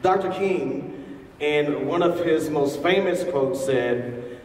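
A man's voice: a little high, takes it slowly, darkish tone. A man giving a public talk to a live audience, asking the crowd questions as he speaks. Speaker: featured speaker. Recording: echoey hall from far off.

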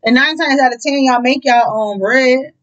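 High-voiced profane woman reading tarot. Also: moderate pace, highs cut off. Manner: profane, animated, breaks into song. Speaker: tarot reader. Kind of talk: casual tarot reading with singing.

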